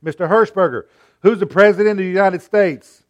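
A man voicing a brisk woman nurse who raises her voice to question a patient, while reading a story aloud in a sermon. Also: sits high, dry recording, dull audio, pitched above the performer's own voice, close to an everyday voice. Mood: insistent. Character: brisk hospital nurse, woman, loud and cheerful.

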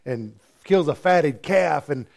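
Male pastor, slightly high voice, lively storyteller preaching a sermon. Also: slow pace, creaky. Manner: animated storytelling, acting out characters.

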